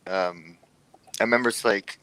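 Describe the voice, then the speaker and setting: A man co-hosting a podcast in casual chat, telling relaxed stories and imitating what others said. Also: lowish voice, normal speed, clean tone, dry recording, rough recording. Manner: relaxed, storytelling, mimics others' remarks. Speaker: podcast co-host.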